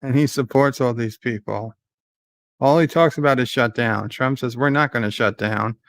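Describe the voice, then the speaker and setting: A man giving live commentary on a debate. He paraphrases the speakers, reads out viewer chat and gets excitable at times. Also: medium pitch, normal speed, dry recording.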